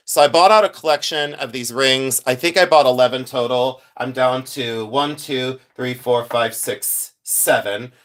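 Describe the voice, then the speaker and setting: A man's voice: mid-range voice, a bit bright. A man hosting a casual jewelry live stream, rambling, reading chat messages aloud and laughing easily.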